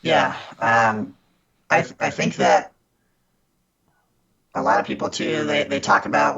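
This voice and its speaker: A man's voice: medium pitch, measured pace, gravelly, pauses often, dull audio, crowd noise. A man guest on a podcast, earnestly telling stories of fighting scammers, often restarting his sentences. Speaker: podcast guest, scam baiter. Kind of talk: casual interview storytelling.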